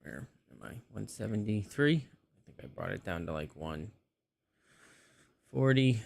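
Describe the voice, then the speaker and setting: Here a man hosting a stream mumbles to himself as he fiddles with his microphone settings, chatting casually. His lowish, gravelly voice is expressive and moves at a measured pace.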